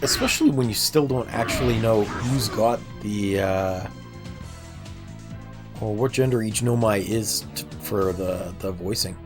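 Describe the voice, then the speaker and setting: A man's voice: on the low side, unhurried, music in the background. A man streaming a game, chatting casually and self-deprecatingly with viewers while nursing a sore throat. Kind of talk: casual gameplay livestream chat.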